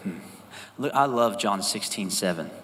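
A male pastor preaching a sermon, talking to the congregation in a lively, conversational way and often asking for an "Amen". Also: on the low side, normal speed, slight background noise. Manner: conversational, animated, asks the congregation for responses. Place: church sanctuary. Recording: reverberant church hall with faint ambience.

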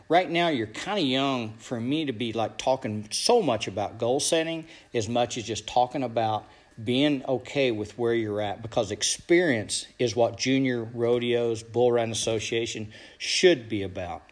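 A man coaching young bull riders and their parents, talking bluntly and swearing, and he keeps asking "you know what I'm saying?". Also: mid-range voice. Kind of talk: motivational talk to young riders.

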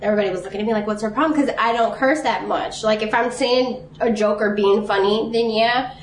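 A woman's voice: fairly high pitch, steady tone, brisk, distant mic, slight background noise. A chatty woman co-hosting a podcast, telling stories in a casual, easygoing way. She sits a little away from the mic in an echoey room, and faint background ambience comes through. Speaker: podcast co-host.

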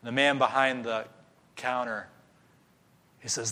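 A man preaching a sermon, telling a story with animated voices for each character. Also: medium pitch, a little slow. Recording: long hall reverb.

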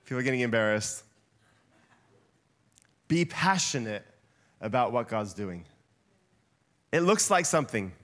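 A man preaching a sermon in a church hall, lively and playful, getting the congregation to shout along with him. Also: mid-range voice, a little slow, pauses often. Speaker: guest preacher.

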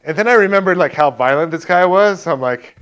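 A man's voice: a little high, lively intonation, fairly bright tone, clean tone. A man telling a personal faith testimony in a casual, chatty way, full of "like" and "right?" and acting out what others said. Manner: acts out others' lines in quick back-and-forth. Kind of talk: casual spoken storytelling.

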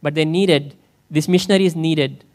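Pastor guy preaching in church, kinda high voice, keeps asking the crowd stuff. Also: moderate pace, a little mellow. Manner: conversational, asks the congregation questions. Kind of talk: sermon.

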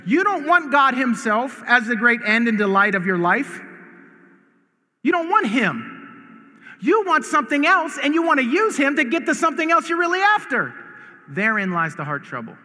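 A man from the United States preaching a sermon as pastor, earnest and emphatic, often repeating words and rising to shouts. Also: very high voice, very animated, normal speed. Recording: long reverb of a large hall.

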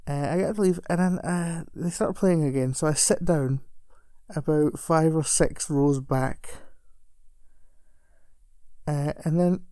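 Woman, casual storyteller; warm low-key tone, self-deprecating, chuckles as she goes. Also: a little slow, pauses often, no echo. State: recovering alcoholic. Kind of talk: casual anecdote telling.

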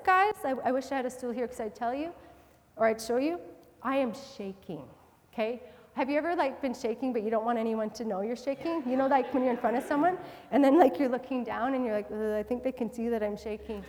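A woman's voice: sits high, in a large hall. A woman telling a personal story in a sermon, acting out her own reactions with lots of feeling. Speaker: Christian speaker.

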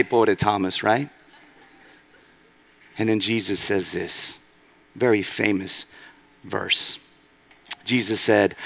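A man preaches a sermon in a church. His voice has a gravelly, creaky edge. He swings between loud emphatic lines and hushed, low passages. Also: measured pace, long pauses. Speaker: pastor. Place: church sanctuary.

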